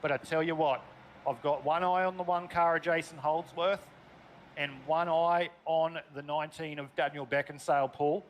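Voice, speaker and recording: A man's voice: fairly high pitch, steady tone, normal speed, a little hiss or hum. An Australian man commentating a sim race, chatty and calling people mate. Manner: chatty, calls drivers mate, speeds up in race calls.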